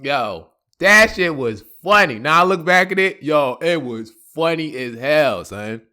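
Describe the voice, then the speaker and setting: A man hosting a podcast, telling a comic personal story in slangy, animated talk. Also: a little high, a little slow. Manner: animated, slangy, laughing asides. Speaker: podcast host. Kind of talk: comedic storytelling.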